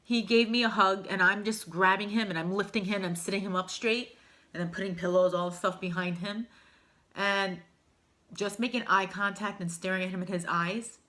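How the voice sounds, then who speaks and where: A woman's voice: medium pitch, steady tone, normal speed, bright, forceful tone. A woman vlogger telling a personal story to camera in a candid, emotional, rambling way. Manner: emotional, heartfelt, rambling with fillers.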